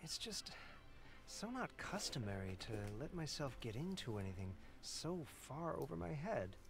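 A hushed, jittery young man from a mystery game, his pitch rising and falling widely as he frets. Clear music plays under his game dialogue. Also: very animated, normal speed. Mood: worried. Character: anxious worried young man, Cassidy.

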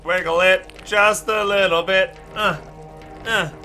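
A man's voice: high-pitched, steady tone, takes it slowly, bright, forceful tone, soft background music. A man streaming a horror game, screaming often and blurting silly minced curses between goofy play-voices. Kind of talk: live gameplay commentary.

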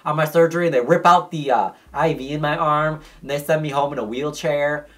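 A man vlogging to camera, telling a personal story in a casual, profane, animated way and acting out the dialogue. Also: a little high, a little fast.

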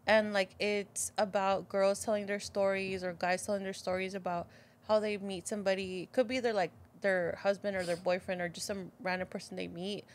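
A woman's voice: mid-range voice, level tone, moderate pace. A woman co-host talks loosely and casually, dropping "dude" and "like" as she goes. A faint noise sits behind her voice. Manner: loose, swearing, says "dude" and "like". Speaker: podcast co-host. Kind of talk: casual chat.

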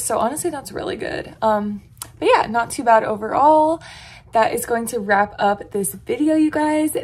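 A woman's voice: on the high side, a little mellow. A woman, chatting casually and rambling to her viewers as a vlogger. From Texas. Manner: rambling, chatty, heavy use of "like". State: groggy morning voice. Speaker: vlogger, restaurant server. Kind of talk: casual vlog chat. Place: inside her car. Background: car and road noise.

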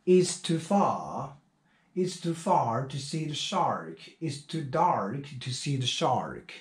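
Slow, drilling male pronunciation teacher. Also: medium pitch, very animated, reverberant. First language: Chinese. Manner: repeats words slowly, many drawn-out fillers.

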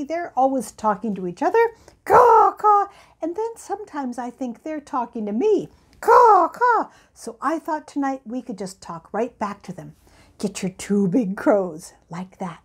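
An older woman hosting a bedtime music show for children, speaking gently and directly to young listeners. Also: a little high.

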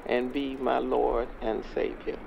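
A man's voice: mid-range voice, flat delivery, a little slow, creaky, over a noisy crowd. A man playing an earnest street preacher in a music video skit, solemnly leading a young man through a prayer, recorded on a dull lo-fi track outdoors with faint noise.

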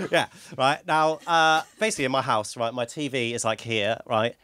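A man's voice: medium pitch, normal speed, pushed and bright. A man doing a rambling stand-up routine in front of a small live audience, with lots of "right?" tags and laughing asides. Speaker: stand-up comedian.

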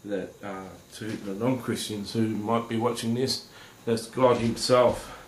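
A man giving a personal testimony to viewers, speaking in a halting, earnest way with many pauses and fillers. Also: fairly low pitch, steady tone. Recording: roomy echo with faint background noise.

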